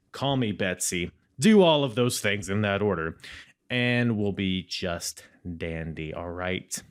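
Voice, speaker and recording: A male podcast host with a lowish voice who talks loud and rambles. His jokes run crude and offhand, and the chat stays casual throughout. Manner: loud, says he yells.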